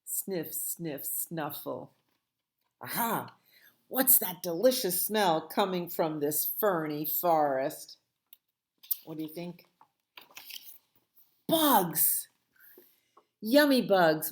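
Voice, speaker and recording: A woman librarian reading a picture book aloud at a children's storytime, playful and expressive with sound words. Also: lowish voice, takes it slowly.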